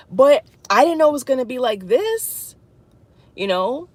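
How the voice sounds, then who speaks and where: A woman talking to her viewers in an emotional spiritual vlog, distraught and tearful, halting and repeating herself. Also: on the high side. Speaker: vlogger.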